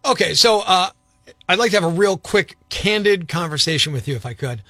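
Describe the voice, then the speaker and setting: A radio host playing an earnest, worried young father on a prank call, speaking in a hushed, hesitant, confiding way. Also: high-pitched, animated, a little fast, no room sound, soft background music, heavily acted.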